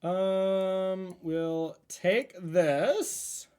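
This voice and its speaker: A man streaming a card game, thinking aloud about his plays in a relaxed, chatty way. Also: high-pitched, very slow, clear, resonant tone. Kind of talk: casual gameplay commentary.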